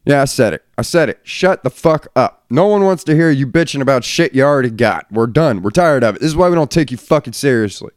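A man's voice: medium pitch, expressive, fast talker, few pauses, dry recording, studio quality. A middle-aged man hosting a solo podcast from a room at home, talking bluntly and ranting with plenty of swearing. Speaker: podcast host. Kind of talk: casual solo podcast rant.

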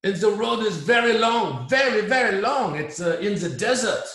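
A man's voice: sits high, animated, normal speed, fairly bright tone, pitched above the performer's own voice. A man putting on a heavily French-accented advisor. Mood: earnest. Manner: emphatic, repeating words for weight. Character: older French man giving earnest advice. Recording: roomy echo.

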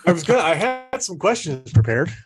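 A man's voice: high-pitched, big pitch swings, a little fast, faint music behind. A male podcast host, effusive and stumbling over his words as he wraps up an interview. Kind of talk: interview wrap-up.

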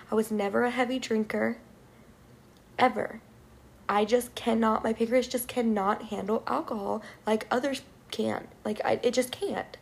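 Young woman, gravelly fry, casual vlog rant, swears a lot, lots of "like". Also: on the high side. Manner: frustrated, profane, filler-heavy with many "like"s. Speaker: vlogger.

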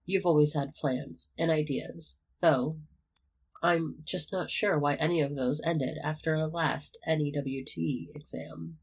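Bold, teasing schoolboy wizard with a dry wit and a husky edge, read by a storyteller. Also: medium pitch, steady tone, a little slow.

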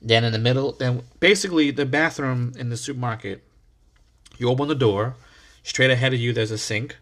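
A man hosting a podcast, telling a story in a casual, animated way, heavy on slang and repeated phrases for emphasis. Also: mid-range voice, brisk. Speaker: podcast host.

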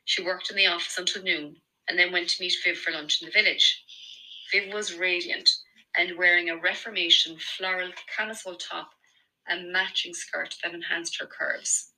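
A woman with an Irish accent narrating a romance novel in an even storytelling delivery. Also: on the low side, normal speed, poor audio. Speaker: audiobook narrator. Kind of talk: scripted narration.

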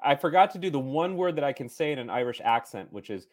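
A man of middle pitch co-hosting a loose movie podcast. He cracks jokes and reasons out loud as he guesses, in an easy, conversational way. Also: lively intonation, fast talker. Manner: joking, thinks aloud. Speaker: podcast co-host, trivia contestant. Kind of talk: casual podcast chat.

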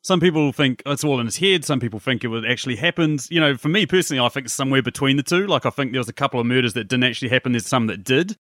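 A man hosting a casual film podcast, animated and acting out characters' reactions as he talks. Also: mid-range voice, very fast, few pauses, no echo, studio quality. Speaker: podcast host.

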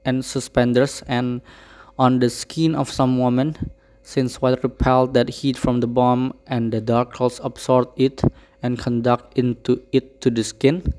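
Brief: man reading aloud for practice, halting, self-correcting, emotional. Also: medium pitch, little pitch movement, a little mellow. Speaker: reader.

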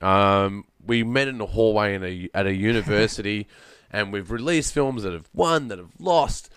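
A young man hosts a relaxed podcast chat. His voice sits a little low and comes through smooth and resonant, recorded dry and close with no room sound. He rambles along with plenty of fillers. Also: normal speed, dry recording. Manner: laid-back, rambling, lots of fillers. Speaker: podcast host. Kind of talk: casual chat.

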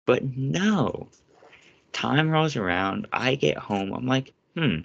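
A man's voice: mid-range voice, expressive, slow, creaky, fairly bright tone, dull audio. A young man hosting a casual podcast, ranting sarcastically and swearing often. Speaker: podcast host.

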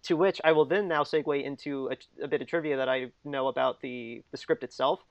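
A man's voice: mid-range voice, a little fast, no room sound, lo-fi sound. A man co-hosting a casual film discussion, chatty, laughing often and restarting his sentences. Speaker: podcast co-host.

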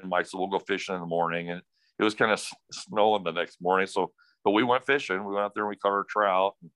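A man's voice: low-pitched, a bit bright, clear, resonant tone, no echo. A middle-aged man telling a rambling, folksy family story in casual talk, acting out the dialogue. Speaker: storyteller recounting family history.

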